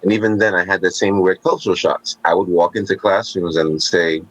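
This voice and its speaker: A man's voice: deep voice, fairly even intonation, fairly quick, a bit bright, dry recording, rough recording. A man in casual conversation, talking emphatically and thoughtfully about everyday manners.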